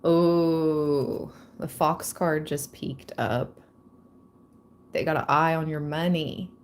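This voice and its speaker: A young woman hosting a live tarot reading, chatting casually and excitedly with frequent laughter. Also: low voice, takes it slowly, a little hiss or hum.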